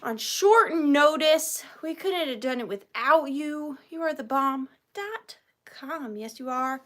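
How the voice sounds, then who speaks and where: A young woman with a high, bright-sounding voice hosts a live vintage sale. She chats in a bubbly, playful way and greets her viewers one by one. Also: expressive, slow pace. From Georgia, US. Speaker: online vintage seller hosting a live sale.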